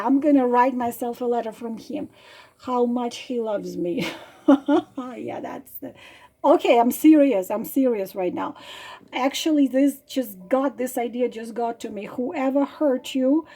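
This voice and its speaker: A woman with a delivery, speaking softly and emotionally, with frequent fillers, as she guides listeners through a self-healing writing exercise. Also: sits high. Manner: emotional, soft, halting with fillers. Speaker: tarot reader. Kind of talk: casual guided exercise talk.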